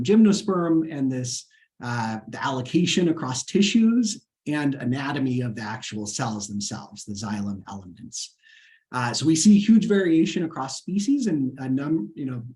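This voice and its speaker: An earnest male scientist gives a talk on a webinar and answers questions from the audience. His voice sits in a middle pitch, and he pauses often with small fillers and restarts. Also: darkish tone. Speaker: scientist giving an award lecture. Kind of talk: webinar lecture and Q&A.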